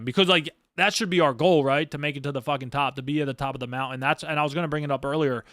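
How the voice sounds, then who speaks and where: A young man rambling on a livestream, blunt and swearing freely. His voice sits a little high and rings bright and clear, close to the mic in a dry room. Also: steady tone, fast talker, few pauses, no echo. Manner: blunt, profane, rambling, heavy with fillers. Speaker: streamer; Marine. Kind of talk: casual livestream talk.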